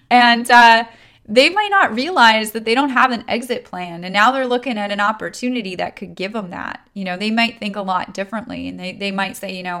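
A woman's voice: medium pitch, fairly quick, sharp tone. A woman giving a conversational coaching talk on handling sales objections, with frequent fillers and checks like "right?". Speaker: network marketing trainer.

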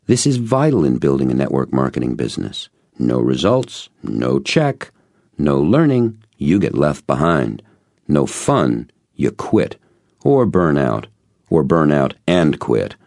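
Male audiobook narrator: very low, animated intonation, dry close recording, storyteller. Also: measured pace, no room sound. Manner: storytelling, animated dialogue reading. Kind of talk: first-person audiobook narration.

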